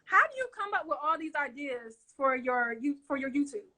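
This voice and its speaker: A woman's voice: high voice, very animated, normal speed, pushed and bright. A middle-aged woman hosting a casual interview, chatty and laughing often as she talks straight to her viewers. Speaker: show host.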